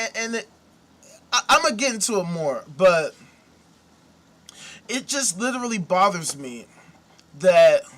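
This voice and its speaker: High-pitched and a bit bright, the host's voice carries a casual commentary rant. He's indignant, swearing and firing off one rhetorical question after another.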